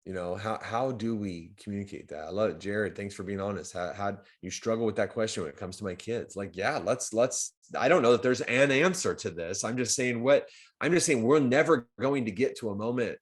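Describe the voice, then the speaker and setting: Man with a slightly low voice hosting a live stream; loose, conversational, jumps up in energy on key points. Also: a little fast. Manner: conversational, repetitive restarts, animated swings in loudness. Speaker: host of a live community stream. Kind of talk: casual livestream talk.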